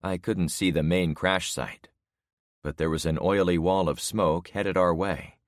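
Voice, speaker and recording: Male narrator, very low pitch, steady measured first-person storytelling, dead-dry booth. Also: dry recording. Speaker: audiobook narrator.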